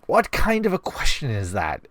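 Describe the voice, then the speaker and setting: A man's voice: mid-range voice, huge pitch swings, normal speed, fairly bright tone. A man in his twenties with a stuffy nose, answering viewer questions in a wry, self-deprecating casual vlog. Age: 20s. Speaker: vlogger.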